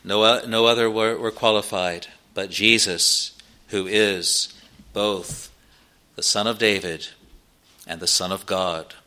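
Male preacher, low-ish clear voice, slow deliberate sermon delivery with thoughtful pauses. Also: steady tone, bright, forceful tone.

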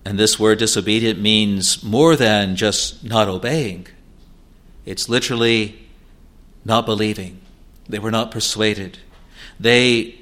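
A male preacher delivering a sermon at a slow, deliberate pace. He pleads earnestly, rising to loud urging and dropping to hushed, low asides.

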